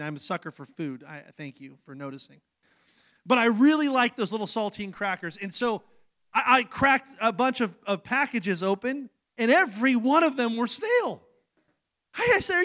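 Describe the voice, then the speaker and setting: A middle-aged man preaching in a casual, folksy voice that sits unusually high for a man. He tells homely stories and stammers into frequent restarts. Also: fairly bright tone. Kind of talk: sermon.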